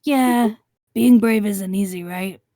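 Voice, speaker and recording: A woman voicing a kind young girl in a tabletop role-play, gently encouraging and coaxing. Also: medium pitch, takes it slowly, no echo, clean studio sound, close to an everyday voice. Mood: reassuring. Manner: soft, reassuring, coaxing.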